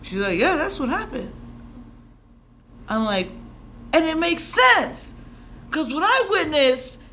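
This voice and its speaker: A young woman from Chicago telling a personal story on stage, animated and profane, acting out the voices she quotes. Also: high voice, takes it slowly, slight background noise. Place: stage before a live audience.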